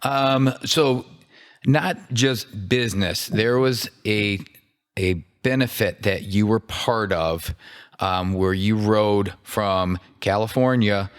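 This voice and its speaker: A man's voice: lowish voice, slow pace, smooth, in a large hall. A man hosting a casual interview, asking hesitant questions with ums and giving short nods of agreement. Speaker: podcast host.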